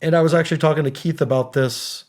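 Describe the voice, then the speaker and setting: A man's voice: fairly high pitch, steady tone, quick pace, darkish tone. Earnest man telling his story. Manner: earnest, acts out quoted dialogue, casual slang. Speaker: podcast guest, former special operations soldier. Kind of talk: casual storytelling interview.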